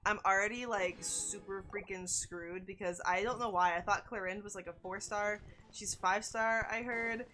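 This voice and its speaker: A young woman streaming a video game, chatting excitedly with her viewers and reacting to their messages. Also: mid-range voice, moderate pace, few pauses, soft background music. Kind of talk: casual gaming stream chat.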